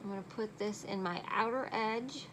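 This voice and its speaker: A woman's voice: mid-range voice, normal speed, noisy background. A middle-aged woman chatting casually through a makeup tutorial at home at night, joking at her own expense. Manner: chatty and self-deprecating. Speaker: makeup vlogger.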